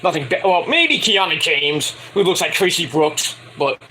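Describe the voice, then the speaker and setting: A man's voice: fairly high pitch, animated, normal speed, sharp tone, a little hiss or hum, poor audio. A man giving a casual, crude and opinionated wrestling review, swearing freely.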